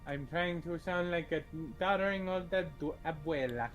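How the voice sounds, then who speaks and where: A man's voice: on the high side, normal speed, soft background music. A man co-streaming a video game, chatting with playful asides. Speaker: streamer co-player. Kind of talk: casual gaming chat.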